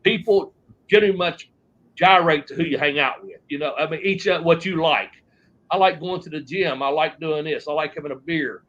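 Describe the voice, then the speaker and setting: Former wrestler, man, slightly high voice, rambling and profane, muffled lo-fi audio. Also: normal speed, fairly bright tone. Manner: rambling, profane, trailing off into restarts. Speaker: interview guest, former wrestler. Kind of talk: shoot interview storytelling.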